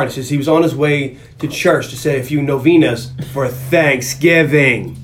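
A man hosting a movie podcast, retelling scenes with lively delivery and putting on funny voices for the characters. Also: medium pitch, normal speed, soft background music. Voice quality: animated storyteller, plays movie characters in a funny voice. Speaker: podcast host.

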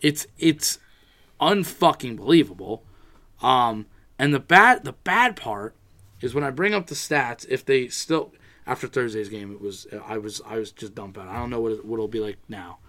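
A man's voice: mid-range voice, normal speed. A man co-hosting a casual sports podcast, ranting with plenty of profanity and frustration. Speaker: podcast co-host.

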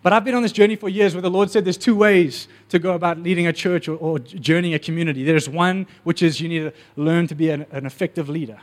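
A man preaching a sermon, telling stories with animated energy and acting out the voices. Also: fairly high pitch, fast, few pauses.

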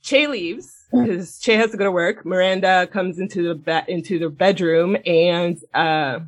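A woman co-hosting a casual podcast, recapping a TV episode in a blunt, animated way, swearing a lot and laughing as she talks. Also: fairly low pitch, measured pace. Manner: laughs often mid-sentence. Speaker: podcast co-host. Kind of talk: casual chat, retelling a TV episode.

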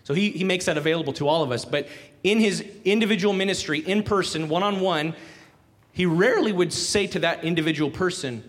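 Guy preaching, kinda high voice, chatty, acts out the quotes, big echoey hall. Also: a little fast, a bit bright. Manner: conversational, asks the congregation questions, acts out quotes. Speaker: pastor. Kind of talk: sermon. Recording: long hall reverb.

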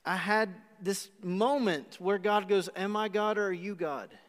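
A man pastor preaching a live sermon, telling a story with animated acted-out asides. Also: high voice, measured pace. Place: church auditorium. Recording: live church hall with long reverb.

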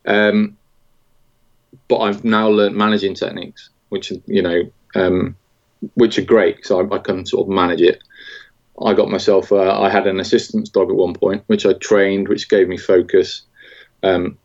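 British guy in his 40s, lowish voice, kinda muffled audio, lots of ums and restarts, telling it straight. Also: flat delivery, darkish tone. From Britain. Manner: halting, with many restarts and fillers. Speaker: guest, military veteran. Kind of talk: candid interview conversation.

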